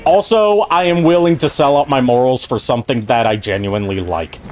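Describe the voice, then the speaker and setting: A man's voice: mid-range voice, background noise. A man hosting a game stream, chatting casually with friends, rambling and swearing as he talks. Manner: rambling, profane, talks through pauses. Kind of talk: casual chat over gameplay.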